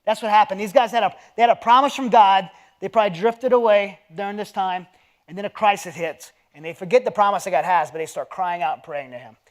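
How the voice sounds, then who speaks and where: Speaking fast, a forties-aged guest speaker delivers a conversational sermon at a men's dinner, reading from scripture along the way. His storytelling is earnest and heartfelt, and his voice sinks low and quiet when he gets personal.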